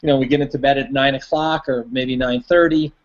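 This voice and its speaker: A man's voice: mid-range voice, steady tone, a little fast, muffled recording. A man giving a rambling motivational talk as host of an online hangout, full of fillers and folksy stories. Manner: rambling, filler-heavy, tells a folksy story.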